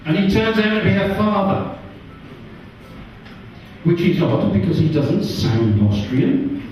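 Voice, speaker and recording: An English man doing a stand-up comedy set on a pub stage, animated and jumping into high voices for characters. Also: slow pace, a little hiss or hum. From England. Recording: distant, roomy and muffled pub recording.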